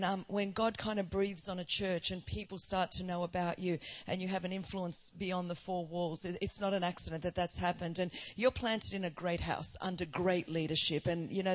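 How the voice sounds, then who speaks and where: A middle-aged woman with an Australian accent, preaching as a guest speaker in a fast, lively, joking manner. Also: fairly low pitch. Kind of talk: sermon.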